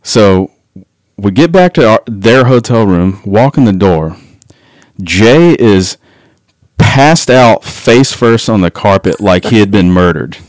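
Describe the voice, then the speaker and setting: A man's voice: lowish voice, expressive, slow, no echo. A man telling a rowdy, profane anecdote in a casual chat, laughing as he goes. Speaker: guest. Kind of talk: casual storytelling.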